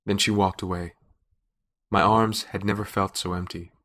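A man narrating a fantasy story in a measured, wry storytelling manner. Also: low voice, steady tone, sharp tone. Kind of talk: scripted narration.

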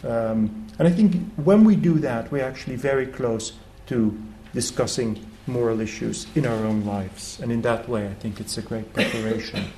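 Creaky-voiced man on a festival panel. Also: mid-range voice, normal speed, a little hiss or hum, poor audio. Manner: animated storyteller, many fillers. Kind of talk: panel talk. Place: festival hall.

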